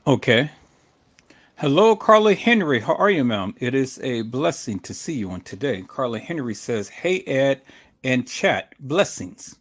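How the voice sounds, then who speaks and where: A man runs a commentary live stream at an unhurried pace, often restarting his words. He greets viewers from the chat by name and keeps calling his audience "peoples". His voice sits in a middle pitch. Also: sing-song, a bit bright. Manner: repetitive, addresses viewers as "peoples".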